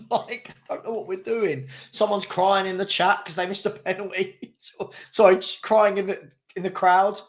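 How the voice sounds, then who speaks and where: A fairly high-voiced man talks over a live match as a fan host. He is exasperated and chuckling, calling the play and answering his chat. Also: normal speed, hardly any pauses. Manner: exasperated, laughing, reading chat aloud. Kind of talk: live match watchalong commentary.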